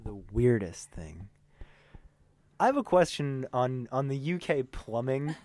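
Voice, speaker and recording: An American man, a tour manager, chatting in an interview in an animated, joking way. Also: mid-range voice, unhurried, a little hiss or hum. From United States. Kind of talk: casual interview chat.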